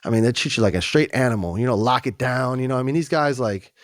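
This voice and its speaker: A man telling his story in a candid, animated conversational way, often slipping in "you know" and "man". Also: medium pitch, quick pace, no echo, studio quality. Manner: animated, acts out other voices, frequent "you know" and "man". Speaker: guest.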